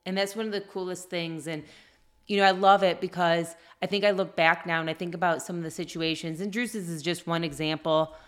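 A woman's voice: on the low side, fairly even intonation, fairly quick. A middle-aged woman in casual podcast chat, telling heartfelt family stories in an earnest way. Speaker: podcast co-host.

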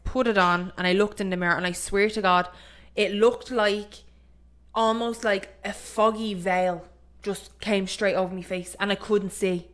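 A young woman with an Irish accent co-hosts a podcast, telling a ghost story in casual chat. Her medium-pitched voice goes a little slow as she animatedly acts out the voices, saying "like" a lot.

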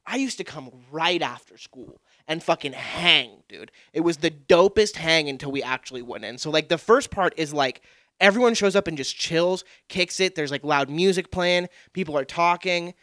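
A young man with a bright, forceful voice and a slightly higher pitch, recorded close and dry. He chats casually on a podcast, laid-back and swearing freely, and breaks into loud laughs. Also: animated, normal speed, dry recording. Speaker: podcast co-host, guest on his church upbringing.

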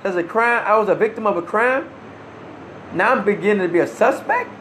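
Male storyteller, high voice, emphatic and earnest, slight room echo. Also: brisk, fairly bright tone, a little hiss or hum. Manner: earnest, emphatic, with short restarts and wry laughs. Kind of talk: personal first-person storytelling. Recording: roomy echo.

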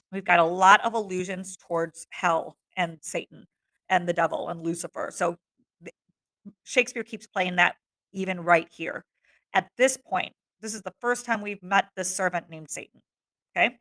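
A woman's voice: on the low side, steady tone, moderate pace, bright, forceful tone. A woman teacher reading a play aloud to students and breaking off into casual explanations with fillers. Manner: casual asides with fillers between dramatic readings.

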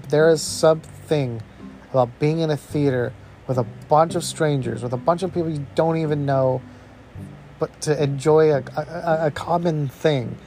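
A man hosting a podcast, giving a casual, excited movie review, rambling with lots of "bro" and "you know". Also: medium pitch. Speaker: podcast host reviewing a film.

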